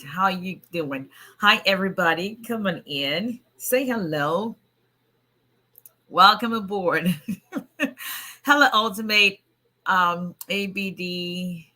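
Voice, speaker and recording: Hoarse chatty woman attorney. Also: on the low side, slow, pauses often, bright, forceful tone. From immigrant to the US. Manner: chatty, greets viewers by name. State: hoarse, voice nearly gone. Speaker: immigration attorney. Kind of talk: casual livestream chat.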